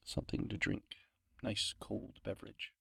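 A man's voice: lowish voice, steady tone, normal speed, gravelly, bright, forceful tone, slightly rough, no room sound, studio quality. A man recording voice lines in a home closet, out of breath and rambling in self-mocking asides between takes. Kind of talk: casual outtakes chatter.

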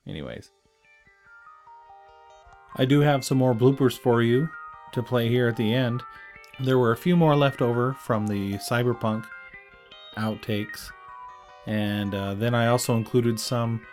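Low-voiced man hosting a podcast outro. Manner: relaxed, easygoing with small laughs. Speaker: podcast host. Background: soft guitar theme music.

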